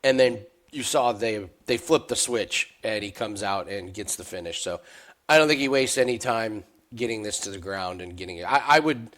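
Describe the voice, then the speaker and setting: A man talking casually as a sports betting analyst, excitable, laughing often and stammering through restarts. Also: fairly low pitch, normal speed. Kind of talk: casual podcast chat.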